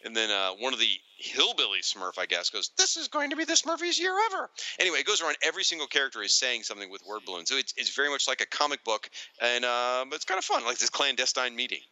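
Animated, excitable man chatting casually. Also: medium pitch, quick pace, hardly any pauses, dry recording, rough recording. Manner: excitable, animated, quotes lines in silly voices. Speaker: podcast co-host. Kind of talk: casual chat about retro cartoons.

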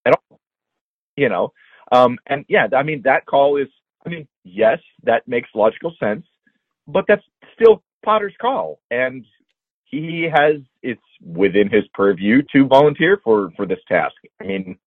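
A man co-hosting a casual chat, lively and laughing as he muses aloud. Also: mid-range voice, measured pace, no echo. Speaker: podcast co-host. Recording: tinny phone-like line.

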